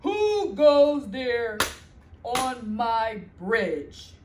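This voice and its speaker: A woman voicing a grumpy troll under a bridge, slow and menacing, in a roomy echo. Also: on the high side, very animated, noisy background, full character voice.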